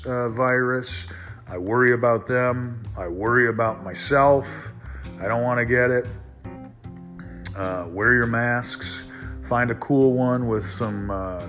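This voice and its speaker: A man's voice: medium pitch, a bit bright. A man hosting a casual solo podcast, rambling and frank, swearing when he gets worked up. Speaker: podcast host.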